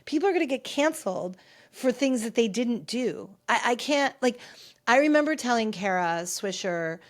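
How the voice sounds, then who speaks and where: This pop culture podcast host speaks in a slightly high, animated voice at normal speed, recording from a home filming set. Her casual talk is candid and rambling, full of restarts.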